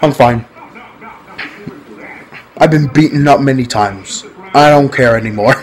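A man's voice: mid-range voice, a little slow, poor audio. A man talking casually to his viewers in a rambling, repetitive vlog, often laughing. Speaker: vlogger.

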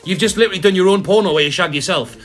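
A man's voice: sits high, rapid-fire, faint music behind. A man mocking video clips in a profane comedic rant, as host of a reaction video. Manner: swearing, mocking, ranting.

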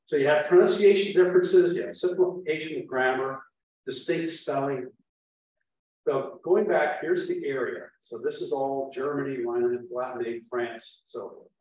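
Male lecturer, mid-pitched, explains patiently; recorded from afar in a booming room. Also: a little mellow, a little hiss or hum. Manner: explains patiently, repeating foreign words aloud. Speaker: guest lecturer. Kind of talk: informal lecture. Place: meeting room. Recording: very echoey room, mic far off.

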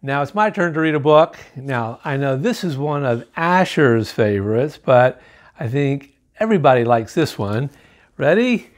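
A man reading a children's picture book aloud to kids, lively and showing the pictures as he goes. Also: mid-range voice. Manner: lively, animated storytelling, pausing to show pictures.

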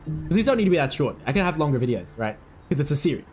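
A young man giving excitable, swearing gameplay commentary while he plays, talking to himself. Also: fairly high pitch, very fast, soft background music. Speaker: gaming video creator.

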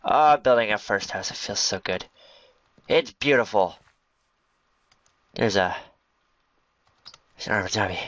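A man with a fairly low yet bright, forceful voice rambles through casual gameplay commentary, joking to himself as he goes. The dry, close recording sounds a little dull and lo-fi. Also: lively intonation, a little slow, long pauses, dry recording. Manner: rambling, jokey, talks to himself and to game creatures. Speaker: gaming video host.

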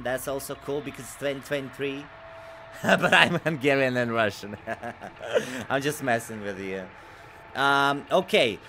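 Reading viewer messages aloud during a live horror-game stream, a man chats casually and swings from soft mumbles to loud, thrilled bursts. A bit of hiss or hum is audible.

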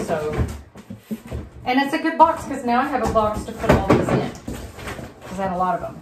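A woman reseller chatting casually as she unboxes craft and holiday items, rambling and thinking aloud with quick laughs. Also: mid-range voice, reverberant, heavy background noise. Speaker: reseller unboxing grab bags.

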